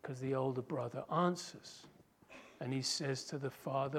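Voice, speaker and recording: A man preaching a sermon as pastor, telling the story slowly and emphatically with dramatic flair. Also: medium pitch, slightly rough.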